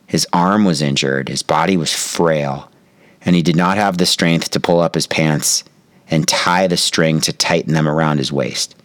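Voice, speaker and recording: A man with a very low voice speaks as a meditation teacher, telling a reflective story. He talks calmly and slows down to stress key moments. The recording is dry and close. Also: no echo. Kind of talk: reflective spoken talk.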